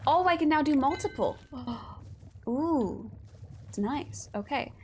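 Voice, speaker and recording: A woman's voice: high-pitched, animated, slow, darkish tone, a little hiss or hum. A young woman streaming a game live, chatting casually with viewers in a playful, teasing way and swearing now and then. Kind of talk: casual live-stream chat while gaming.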